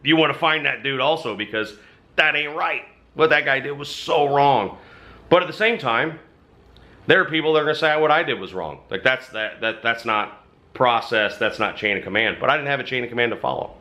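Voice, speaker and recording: A man's voice: medium pitch, brisk, bright, forceful tone. A man who hosts a channel and belongs to a motorcycle club, telling a story to camera in casual, emphatic talk with some mild swearing.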